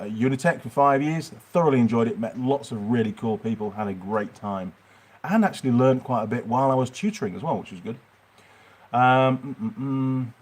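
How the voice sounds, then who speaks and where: A man's voice: medium pitch, darkish tone. Chatty middle-aged Yorkshireman streaming. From Yorkshire, England. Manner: chatty, rambling, answers viewer questions. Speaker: mechanic channel host. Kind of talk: livestream Q&A chat. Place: workshop.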